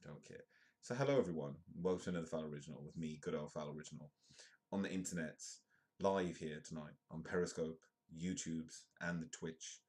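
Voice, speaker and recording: Young British stream host, deep voice, chatty, self-mocking, waffles. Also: male voice, brisk, a little mellow. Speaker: live-stream comedy news host. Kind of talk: rambling casual live-stream chat.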